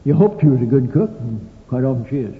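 A man's voice: medium pitch, sing-song, fast talker. An older man preaching a sermon in a folksy storytelling manner with dry humorous asides. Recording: tinny, echoey old hall recording.

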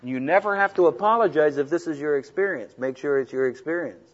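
A man giving a humorous, lively talk to students on how to preach, acting out the voices he quotes. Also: fairly high pitch, fairly quick. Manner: animated, humorous, acts out quoted voices loudly. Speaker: preacher teaching speaking skills. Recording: dull lo-fi recording.

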